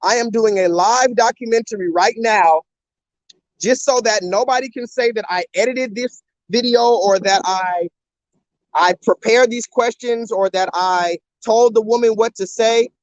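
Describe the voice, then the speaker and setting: A man's voice: sits high, measured pace, no room sound, dull audio. A man hosting a live stream while walking around, talking on a phone and repeatedly urging viewers to comment in the chat. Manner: animated, repetitive, keeps urging viewers to comment. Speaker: livestreamer.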